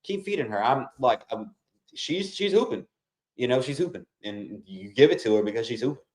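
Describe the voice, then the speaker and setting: Speaking at medium pitch and normal speed, a man hosts a casual basketball watch-along, handling play-by-play and talking right to his audience. His manner is excitable, and he keeps calling viewers "y'all."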